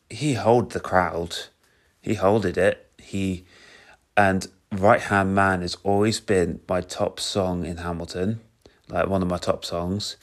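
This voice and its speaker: Young British male reviewer, deep-voiced, slow and halting, casual and keen. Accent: British English. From Britain. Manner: hesitant, many fillers and restarts, enthusiastic. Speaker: musical reviewer.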